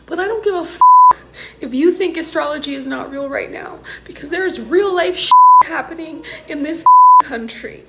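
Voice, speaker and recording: A woman's voice: high-pitched, huge pitch swings, moderate pace. A woman astrologer ranting heatedly in a vlog, cutting off her own swear words. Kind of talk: angry vlog rant. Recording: loud background noise.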